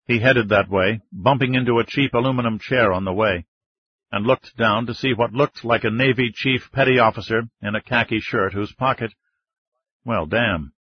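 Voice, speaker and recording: A man narrating a thriller audiobook in a measured, steady storytelling manner. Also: medium pitch. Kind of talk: scripted narration. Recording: slightly dull lo-fi recording.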